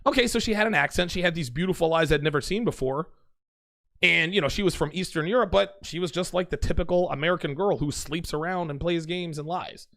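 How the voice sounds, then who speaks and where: A man's voice: a little high, a little fast, gravelly, fairly bright tone, no echo, clean studio sound. A man casually telling a personal story in a rambling, conversational way, with asides to his listeners. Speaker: host.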